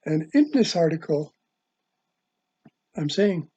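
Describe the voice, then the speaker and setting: A man delivering a religious video sermon, halting with many ums and uhs. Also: fairly high pitch, very animated, mellow, breathy edge. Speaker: online preacher. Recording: dull lo-fi sound.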